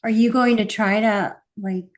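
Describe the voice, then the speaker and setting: Gentle woman host asking questions. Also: medium pitch, steady tone, a little slow. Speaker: interview host. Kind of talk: conversational interview.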